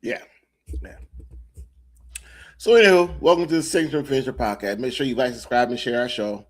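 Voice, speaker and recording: A man's voice: medium pitch, brisk. A man co-hosting a podcast in casual banter, teasing his friend and swearing freely. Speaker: podcast co-host.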